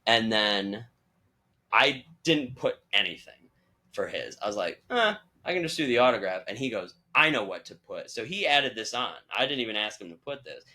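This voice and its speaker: This young podcast host has a lowish voice and speaks at a normal speed. In a casual chat, he spins lively stories, performing the quoted lines of the people involved.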